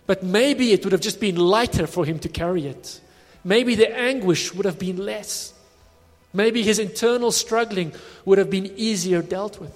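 A man preaching a sermon in a conversational, reflective way, recorded in a church hall. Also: high voice. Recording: long hall reverb.

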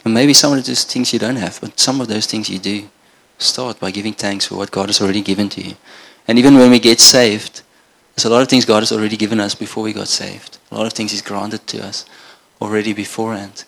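A man's voice: on the low side, steady tone, brisk, gravelly, few pauses, a bit bright. A middle-aged man from Namibia preaching a sermon in an earnest, conversational way. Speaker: pastor.

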